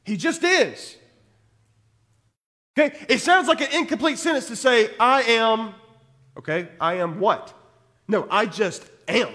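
A man's voice: very high-pitched, normal speed, pushed and bright, long reverb tail. A man preaching a sermon, teaching verse by verse and stopping often to ask his listeners "okay?". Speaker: pastor.

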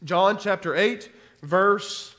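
Male pastor, high voice, passionate scripture reading and commentary. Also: slow pace, a bit bright. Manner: reads verses aloud with rising intensity, adds commentary. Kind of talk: expository sermon reading scripture.

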